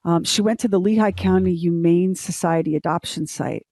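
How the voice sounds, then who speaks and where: A woman's voice: on the low side, normal speed, gravelly, dark tone, no echo. A middle-aged woman co-hosting a morning show, telling a story in a casual, emotional way. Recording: dry studio sound.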